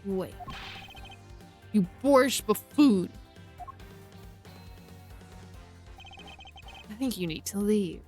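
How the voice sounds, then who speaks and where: Lady voicing a stuffy prosecutor guy, formal, slowish, faint music under it. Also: mid-range voice, expressive, a little mellow, natural voice. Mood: indignant. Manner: formal, indignant. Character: stiff, proud young male prosecutor.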